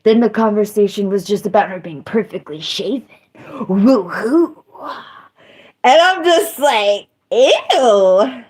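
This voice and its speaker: A woman live streamer chatting casually to her viewers. She rambles loosely, mocks herself and breaks into squeals and yells. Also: medium pitch, animated, normal speed, hardly any pauses. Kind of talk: casual livestream chat.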